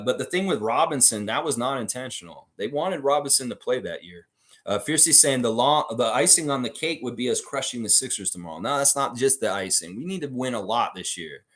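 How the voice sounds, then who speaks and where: A blunt man hosts a live sports stream and rants about his team. His pitch swings widely as he reads out viewer comments and fires back strong opinions through a desk mic. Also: a bit bright. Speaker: host of a fan channel live stream.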